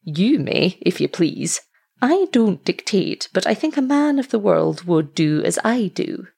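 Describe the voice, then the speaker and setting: A man's voice: sits high, big pitch swings, a little slow, creaky, darkish tone, breathy edge, exaggerated voice. A woman reading a cool, sneering young doctor. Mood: coolly persuasive. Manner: coolly dismissive, sneering.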